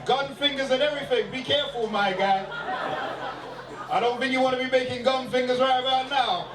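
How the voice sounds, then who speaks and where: A man's voice: very high-pitched, fairly even intonation, a little fast, noisy background. A male stand-up comedian doing teasing crowd work live on a club stage. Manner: teasing, playful with the audience. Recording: roomy live club sound from a distance. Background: crowd and music.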